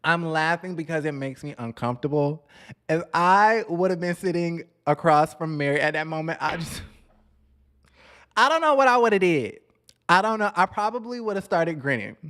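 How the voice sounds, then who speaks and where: A man's voice: fairly high pitch, lively intonation, normal speed, a bit bright. A man hosting a casual commentary vlog on reality TV, sassy and chatty, talking straight to his viewers and calling them honey.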